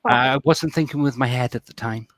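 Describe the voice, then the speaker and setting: A man voices a romantic male lover, gentle and a little teasing. His voice sits at an ordinary middle pitch. The sound is dry, with no room around it. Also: fairly quick, dry recording, lightly acted. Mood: affectionate. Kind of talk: tabletop role-play over a call.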